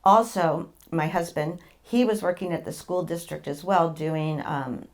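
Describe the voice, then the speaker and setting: With a slightly mellow voice on the low side, a middle-aged woman speaks at a measured pace. As a patient guest she candidly rambles through her own story, repeating words and laughing.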